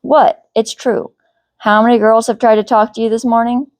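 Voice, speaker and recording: A woman's voice: a little high, level tone, normal speed, darkish tone, no echo, pitched above the performer's own voice, close to an everyday voice. An outgoing teenage boy teases his friend with emphatic delight, as a woman reads him aloud. The storybook recording is dry and close. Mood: teasing. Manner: emphatic, teasing.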